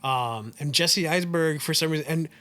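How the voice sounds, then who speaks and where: A man with a slightly higher voice talks through a film's plot in a loose, rambling way. He acts out snippets of dialogue and drops the odd swear word as he goes. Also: normal speed, bright, forceful tone. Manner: rambling retelling with acted-out quotes and swearing. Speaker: podcast co-host. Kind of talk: casual film recap chat.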